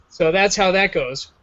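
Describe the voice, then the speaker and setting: A man's voice: high voice, noisy background. Joking man on a lo-fi call. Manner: rambling, jokey, self-mocking. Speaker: show host. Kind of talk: casual joking chat. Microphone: video call. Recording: dull lo-fi online call audio.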